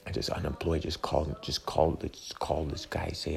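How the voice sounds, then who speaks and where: Podcast host, male, rambling in a hushed whisper, very low creaky voice, recorded in a busy movie theater. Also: flat delivery, moderate pace. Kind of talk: whispered casual chat. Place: movie theater during a film. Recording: crowded room, movie audio behind. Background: crowd chatter.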